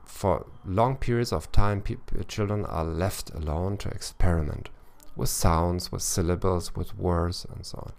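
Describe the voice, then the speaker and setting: A man with a very low voice and a gravelly fry delivers a podcast lesson for language learners. He thinks aloud as he goes and keeps tossing in small tag questions to check that the listener is following. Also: a little slow, few pauses, a little mellow. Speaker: language coach. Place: lives in Eastern Europe.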